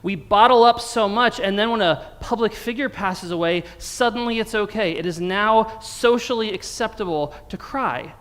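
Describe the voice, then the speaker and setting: An American man preaching from the pulpit, his voice sitting high for a man. He talks to the congregation conversationally and slips in dry jokes. A long church reverb trails each phrase. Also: moderate pace, hardly any pauses, fairly bright tone. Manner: conversational, wry humor. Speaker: pastor. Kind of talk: sermon. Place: church sanctuary.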